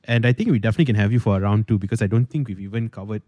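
A man's voice: fairly low pitch, racing, dry recording, lo-fi sound. A man hosting a podcast, chatting casually with hesitant fillers. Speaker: podcast host.

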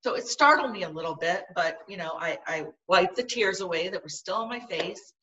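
A woman with a fairly low, bright, forceful voice tells a personal story earnestly and vividly as an interview guest. She sits a little back from the microphone, so her voice sounds somewhat distant. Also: animated, a little fast, highs cut off. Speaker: podcast guest.

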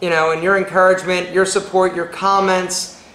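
A man's voice: high-pitched, little pitch movement, normal speed, pushed and bright, a little hiss or hum. A man hosting a casual group chat in an office, upbeat and playful, laughing often. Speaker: host. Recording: echoey office room.

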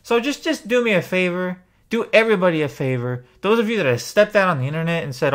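A man's voice: high-pitched, animated, fast, hardly any pauses, a bit bright. A man venting to camera in an exasperated opinion rant, swearing freely as a small YouTuber. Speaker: wrestling YouTuber.

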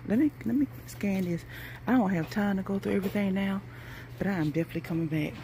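A woman chatting excitedly to her viewers in a casual vlog, at times speaking from farther off the mic. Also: medium pitch, brisk, noisy background. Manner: excitable, addresses viewers as y'all. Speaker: couponing vlogger. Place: inside a store, then at home.

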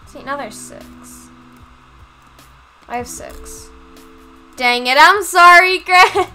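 A woman's voice: lively intonation, unhurried, long pauses, sharp tone. Chatty young woman streaming a game. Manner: chatty, bursts into high yelps when losing. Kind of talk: live gaming stream chat. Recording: faint music in background.

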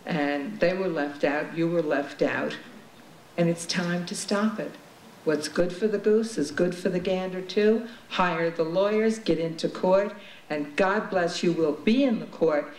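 A man giving a forceful public comment speech to a county legislature. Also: fairly high pitch. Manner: forceful, urging. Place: legislature chamber. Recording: echoey chamber with faint noise.

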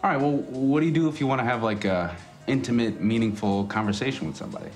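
A man's voice: mid-range voice, fast, a little mellow, soft background music, natural voice. An actor playing a blunt young man with crude, offhand opinions on dating, in a film comedy scene. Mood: lecturing.

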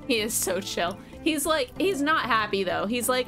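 A woman's voice: medium pitch, lively intonation, moderate pace, few pauses, over music. A woman streaming a game live, chatting casually with viewers and cooing at her cat.

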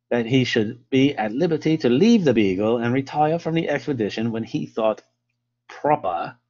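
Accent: put-on British. Figure: formal old naval captain, read aloud by an American man. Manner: stiff, measured, old-fashioned prose. Pitch: middling. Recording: slightly dull lo-fi. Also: a little mellow, slightly rough.

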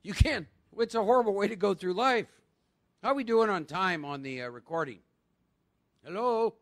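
High-voiced gravelly man giving a talk. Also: expressive, normal speed, fairly bright tone. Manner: conversational, quizzes the audience with rhetorical questions. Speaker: recovery workshop speaker. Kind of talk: live workshop talk.

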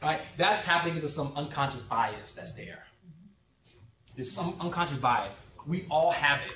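A male sociologist with a fairly high, very lively voice gives a presentation at normal speed, joking and conversational, checking in with the audience from time to time. He sounds far off and dull, as though recorded from across an echoey room.

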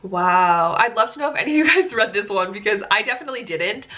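Bright-voiced chatty young woman vlogger. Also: mid-range voice, animated, fast. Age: 20s. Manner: chatty, full of "like" and amused disbelief. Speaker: book vlogger. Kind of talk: casual chat to camera.

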